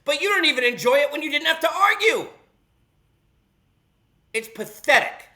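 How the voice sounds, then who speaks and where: A man's voice: extremely high pitch, big pitch swings, moderate pace, pushed and bright. A man hosting a solo sports talk show, ranting sarcastically and scolding fans with emphatic, heated delivery. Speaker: sports radio host.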